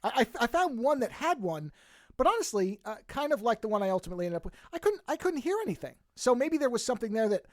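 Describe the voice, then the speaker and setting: A man's voice: extremely high pitch, very animated, fast, dry recording, studio quality. A man hosting a podcast, with a light New York accent, chatting casually and rambling through restarts and asides. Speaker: podcast host.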